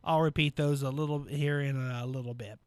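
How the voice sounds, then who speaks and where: A man's voice: medium pitch, fairly even intonation, brisk, clear, resonant tone. A man hosting a local radio call-in trivia show, friendly and chatty with callers.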